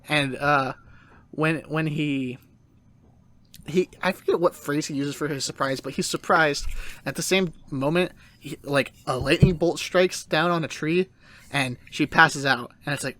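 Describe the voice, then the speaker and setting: A man's voice: a little high, moderate pace. A man hosting a casual podcast, retelling an anime episode with goofy put-on voices. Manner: animated retelling with silly voices. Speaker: podcast host.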